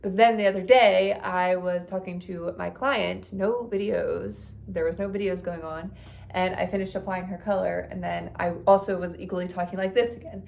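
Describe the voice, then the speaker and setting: A woman in her thirties chatting casually to her phone camera in a vlog, expressive and talkative. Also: lowish voice, moderate pace, creaky, a little hiss or hum. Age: 30s. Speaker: vlogger.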